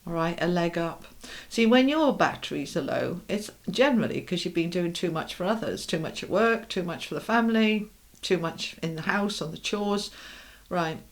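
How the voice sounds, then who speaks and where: A woman's voice: lowish voice, animated, normal speed. A middle-aged woman giving a tarot reading. She is direct and reassuring, asks rhetorical questions and keeps checking in with "okay?" and "all right?". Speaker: tarot reader. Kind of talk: tarot card reading to camera.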